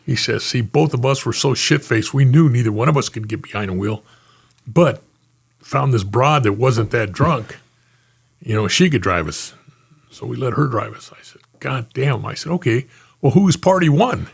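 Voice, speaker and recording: An older retired homicide lieutenant telling anecdotes in a casual interview, acting out quotes and laughing often. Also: male voice, medium pitch, normal speed, gravelly, husky.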